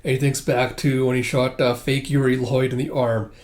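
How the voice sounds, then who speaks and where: A man's voice: mid-range voice, little pitch movement, moderate pace, darkish tone. A man casually reading a comic aloud and retelling it with a chatty "he's like" delivery. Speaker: comic reader and commentator. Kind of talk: casual comic read-through.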